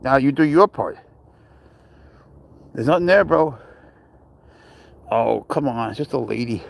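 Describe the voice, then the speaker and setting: A man's voice: medium pitch, normal speed, vocal fry, long pauses, no room sound. A young man from Spain, outdoors, coaxing and cheering on his cat in a playful way. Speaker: pet owner filming his cat. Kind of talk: casual talk to a pet.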